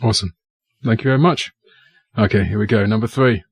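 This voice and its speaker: A man's voice: fairly low pitch, a little fast, slightly rough, no echo, clean studio sound. A man hosting a casual gaming podcast. He explains points in an easygoing, chatty, conversational way. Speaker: podcast host.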